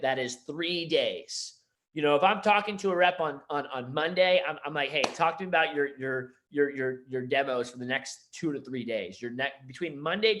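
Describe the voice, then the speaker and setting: A young man giving a casual training talk to sales managers, energetic and conversational, acting out bits of phone calls. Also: fairly high pitch.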